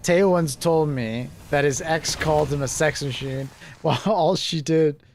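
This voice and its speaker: A man's voice: on the high side, a little slow, a little hiss or hum. A male livestreamer chatting casually with his viewers, laughing and swearing often as he banters. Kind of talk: casual chat with stream viewers.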